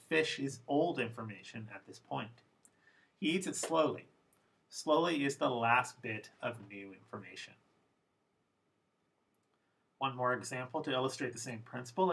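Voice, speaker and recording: In a recorded lesson, a man teaches English pronunciation, explaining slowly and with deliberate emphasis. His mid-range voice is a bit bright and slightly rough, and the audio quality is poor.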